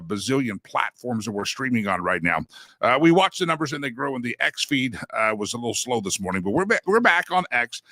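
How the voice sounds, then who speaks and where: Man, talk show host, rambling, jokey, full of fillers, bright tense tone. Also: no echo, studio quality. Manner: jokey, swings in pitch for emphasis. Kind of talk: live-streamed political talk show.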